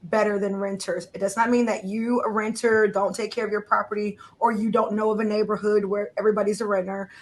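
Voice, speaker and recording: A woman's voice: medium pitch, level tone, fairly quick, hardly any pauses. A woman co-hosting a podcast, explaining a point firmly. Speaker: podcast co-host. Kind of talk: casual chat.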